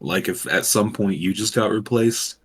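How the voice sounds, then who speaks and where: A man's voice: on the low side, normal speed, breathy edge. A man co-hosting a casual podcast, making dry, joking asides. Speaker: podcast co-host. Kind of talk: casual chat.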